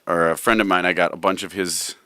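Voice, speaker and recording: A man's voice: sits low, fairly even intonation, a little fast, bright, forceful tone, no echo. A man hosting a radio show, agreeing with his guest and adding his own thoughts. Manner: agreeable, chimes in with short replies. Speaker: host. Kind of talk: casual chat. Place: radio studio.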